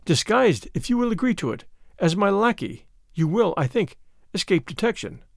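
A man's voice: high voice, big pitch swings, normal speed, vocal fry, no room sound, clean studio sound, heavily acted. A man voicing a desperate noble lady who pleads earnestly for help. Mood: resolute. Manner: pleading, urgent.

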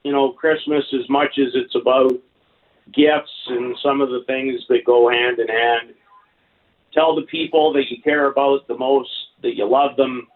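A man speaks slowly over a tinny phone line, weighing each point like a seasoned hockey commentator. His delivery is measured and thoughtful, with the odd restart as he gathers his thoughts. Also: medium pitch, fairly even intonation. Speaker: hockey color commentator and team insider. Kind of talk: sports radio phone-in analysis.

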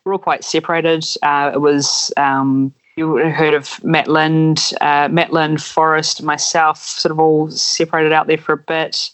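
A man, a podcast guest telling animated stories and acting out voices in them. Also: fairly high pitch, a little slow, hardly any pauses, clean tone, poor audio. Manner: animated, acts out voices in anecdotes. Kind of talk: casual storytelling.

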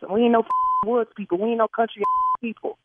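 A woman's voice: fairly high pitch, little pitch movement, quick pace, breathy edge, no room sound. Furious woman on a tinny phone line. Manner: outraged, loud, swearing. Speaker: prank call target. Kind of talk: angry phone call.

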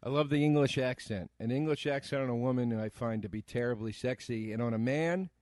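A man co-hosts a casual film commentary podcast. He teases his partner and talks haltingly, stumbling and repeating words as he goes. He has a mid-pitched voice recorded close and dry. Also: darkish tone, no room sound. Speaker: podcast co-host. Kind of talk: casual movie commentary chat.

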